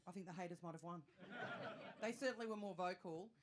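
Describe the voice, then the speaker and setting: A woman in her thirties with an Australian accent, performing a stand-up comedy set, chatty and self-mocking with quick asides to the crowd. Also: lowish voice. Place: comedy venue stage with live audience. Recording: live show with audience noise.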